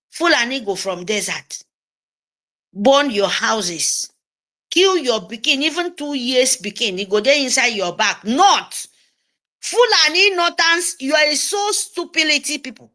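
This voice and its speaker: A woman with a Nigerian English accent slipping into Pidgin speaks in a fervent, scolding monologue. Her voice sits high and bright, and it swoops widely as she hammers home her points by repeating them. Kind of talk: impassioned political monologue.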